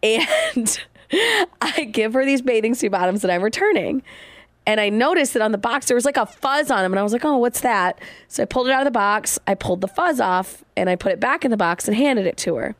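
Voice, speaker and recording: Animated laughing woman in her thirties. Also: a little high, brisk, dry recording, studio quality. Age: 30s. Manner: animated storyteller, acts out quotes, laughs a lot. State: heavily pregnant. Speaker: podcast co-host. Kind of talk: casual chat.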